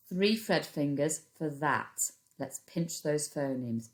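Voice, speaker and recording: A low-pitched woman with a British accent teaches a recorded phonics lesson to young children. She speaks at an unhurried pace, patiently breaking words into sounds. She records at her computer. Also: animated. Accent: British English. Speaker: primary school teacher. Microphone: computer microphone.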